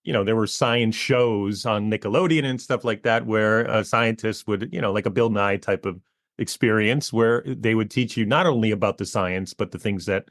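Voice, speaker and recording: A man's voice: fairly low pitch, moderate pace, dry recording, studio quality. A man in his forties, a comic author being interviewed, talking casually and loosely with many fillers. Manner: relaxed, rambling, with many fillers. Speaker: guest, educational comic author. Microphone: close podcast mic.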